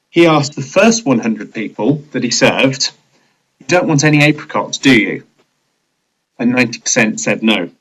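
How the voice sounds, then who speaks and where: Measured man narrating a training video. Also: mid-range voice, fairly bright tone, low-quality recording. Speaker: leadership trainer.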